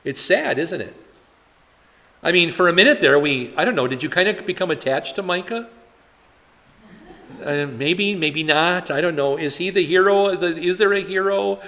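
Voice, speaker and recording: A man's voice: sits high, moderate pace, a bit bright, long reverb tail. A male pastor teaches a Bible study in a loose, conversational way. He asks his listeners questions, uses lots of fillers, and speaks in a slightly raised register. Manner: chatty, rhetorical questions, frequent fillers.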